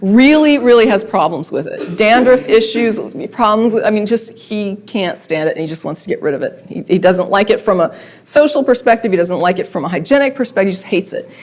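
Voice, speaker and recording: A woman speaking to an audience in a conversational, wry way. She leans on words with animated emphasis and drops dry asides as she goes. Her voice sits at an ordinary middle pitch. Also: brisk. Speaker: guest speaker. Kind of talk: public talk with read-aloud letters.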